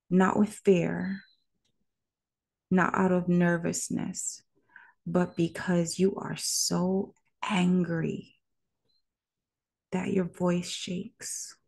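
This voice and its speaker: A woman vlogger giving a reflective word-of-the-day talk, speaking directly to the viewer in a measured way. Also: lowish voice, flat delivery, gravelly, a little mellow, breathy edge.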